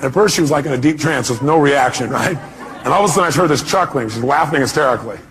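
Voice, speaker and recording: A man's voice: mid-range voice, fast talker, fairly bright tone, a faint crowd. A middle-aged man giving an emphatic seminar talk and firing rhetorical questions at his audience. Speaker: motivational speaker.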